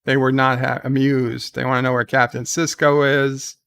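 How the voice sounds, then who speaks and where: A man's voice: mid-range voice, little pitch movement, moderate pace, gravelly, fairly bright tone, smooth. A man hosting a live reaction stream, retelling the scenes in a casual, rambling way with restarts and fillers.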